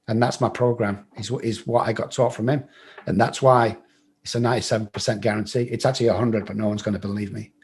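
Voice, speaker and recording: A man's voice: on the low side, fairly even intonation, fast, a little mellow, slight background noise. A middle-aged man from England with an English accent, a guest telling his life story bluntly, swearing freely and acting out other people's lines. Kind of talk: storytelling in an interview.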